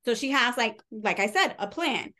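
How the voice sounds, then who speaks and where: A woman's voice: a little high, lively intonation, normal speed, pushed and bright. A woman casually retelling a book's plot on a podcast, rambling and filling her talk with "like". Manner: chatty, rambling, heavy use of "like", casual swearing. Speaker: podcast co-host reviewing books. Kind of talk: casual book recap.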